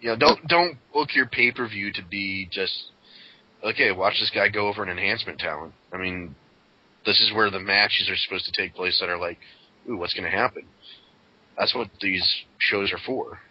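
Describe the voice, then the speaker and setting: Deep-voiced blunt man ranting. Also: normal speed. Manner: opinionated, blunt, swears freely. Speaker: podcast co-host. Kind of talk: casual wrestling review chat. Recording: dull lo-fi podcast audio, faint hiss.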